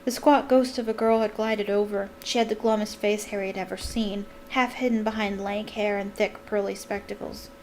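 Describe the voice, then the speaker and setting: Woman, storybook reading, dramatic, mid pitch, faint hiss. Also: normal speed, hardly any pauses, low-quality recording. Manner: dramatic, expressive. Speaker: reader. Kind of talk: expressive audiobook reading.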